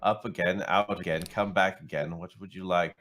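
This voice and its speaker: A man's voice: low-pitched, fairly even intonation, moderate pace, fairly bright tone, slight background noise. A man talking in character as a tabletop roleplaying player, with a dry, wry manner.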